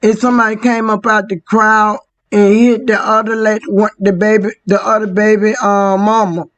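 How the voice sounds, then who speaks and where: A host in casual chat, asking relaxed questions. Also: medium pitch, normal speed, low-quality recording.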